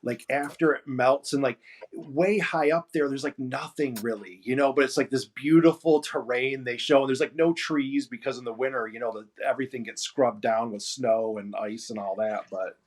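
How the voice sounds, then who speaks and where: A man from the United States talks easily and at length on a livestream, filling his sentences with "like" and "you know". His voice sits at a middle pitch. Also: normal speed. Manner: easygoing, rambling, many fillers like "you know". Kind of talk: casual chat.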